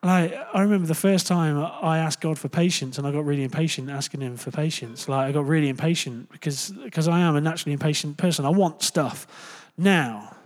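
A young man preaching in a loose, talky way, his voice sitting a little high for a man. He jokes with the room, trips over his words and corrects himself, then pushes on with the point. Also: brisk, few pauses. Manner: chatty and jokey, full of fillers and self-corrections; animated, jumps into loud playful asides. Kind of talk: casual conversational sermon.

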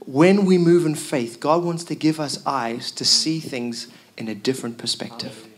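A man's voice: a little high, normal speed. A man preaching a sermon as pastor, telling the story with emphatic repeated lines.

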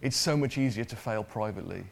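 A man's voice: on the low side, fast talker, creaky, slight background noise. A man preaching a sermon in a conversational way, often repeating words and putting questions to the congregation.

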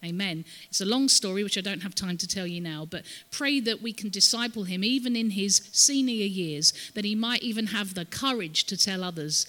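Woman guest speaker in a church, sharp bright voice, long hall echo, gets folks to repeat after her. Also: medium pitch, normal speed, few pauses. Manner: storytelling, has the audience repeat words. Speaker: visiting ministry speaker at a church. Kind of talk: church talk, teaching.

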